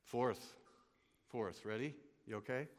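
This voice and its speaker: Male pastor, sermon delivery, hushed-to-loud swings, long church reverb. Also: medium pitch, takes it slowly.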